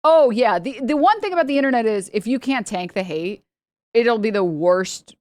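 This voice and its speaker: A woman's voice: a little high, animated, moderate pace, a little mellow, no echo, studio quality. A young woman streamer in casual commentary, rambling and sarcastic, often laughing and putting on mocking voices.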